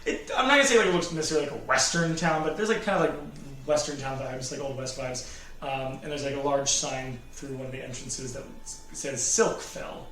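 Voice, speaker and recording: A man's voice: medium pitch, a little fast, bright, forceful tone, slight background noise. A man running a tabletop game as game master, describing scenes with lots of fillers and frequent laughter. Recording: very echoey room.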